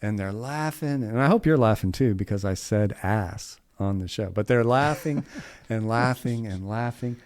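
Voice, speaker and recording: A man's voice: fairly low pitch, normal speed, a little mellow. Rambling, folksy middle-aged man. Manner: rambling, with restarts and folksy asides. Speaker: podcast co-host. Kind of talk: casual storytelling chat.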